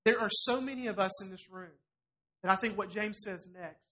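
A middle-aged man preaching a sermon to a congregation in a church, animated and challenging as he voices scripture. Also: sits high, normal speed. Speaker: pastor.

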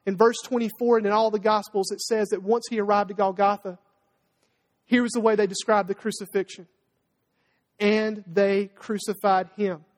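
A preacher delivering a sermon with emphasis, pausing to ask the listeners to finish his sentences. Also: mid-range voice, little pitch movement. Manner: emphatic, rhetorical call-and-response questions. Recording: long hall reverb.

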